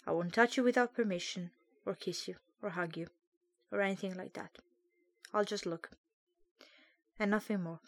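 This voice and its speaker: A woman reading aloud the monologue of a heartbroken young lover who pleads in a soft, subdued voice not to be left. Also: mid-range voice, moderate pace, long pauses, natural voice. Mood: pleading, heartbroken. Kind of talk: dramatic reading of a comic monologue.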